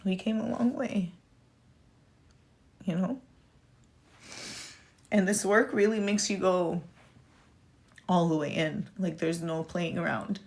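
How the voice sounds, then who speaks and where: A woman's voice: fairly low pitch, fairly even intonation, slow, vocal fry, pauses often, a little mellow. A young woman talking earnestly and tearfully about her faith on a live stream, repeating words for emphasis. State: tearful, near crying. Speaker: speaker sharing her story. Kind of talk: heartfelt personal talk on a live stream.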